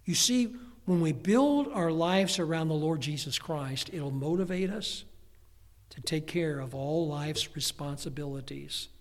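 Family anecdotes and funny asides drive this older pastor's lively sermon. His pitch is fairly high and his pace a little slow, with the sound echoing in a long hall reverb.

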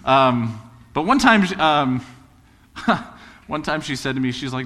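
A man's voice: mid-range voice, big pitch swings, unhurried, pauses often, sharp tone, big-room sound. A man preaching a sermon as a pastor, moving from casual storytelling into emphatic, building preaching.

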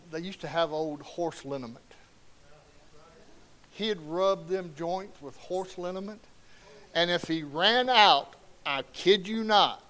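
A middle-aged man preaching a sermon in a folksy, conversational way that swings from quiet to loud. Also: sits high.

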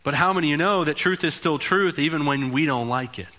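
A male pastor preaches with an animated, conversational energy. His voice is bright and forceful, and he swings between quick asides and emphatic, rising points. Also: a little high. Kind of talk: sermon.

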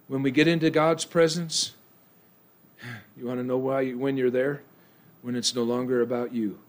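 A male pastor preaching a sermon in church, swinging from hushed, low lines to loud, impassioned outbursts.

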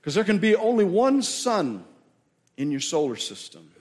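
A man's voice: high voice, sing-song, normal speed, darkish tone. A man preaching a sermon as pastor, emphatic, repeating key words and asking the congregation questions. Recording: long hall reverb.

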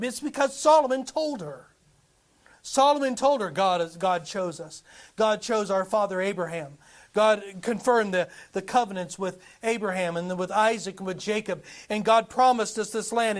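A man with a high voice delivers a sermon to his congregation. He reads scripture aloud and keeps firing rhetorical questions at his listeners in an animated way. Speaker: preacher.

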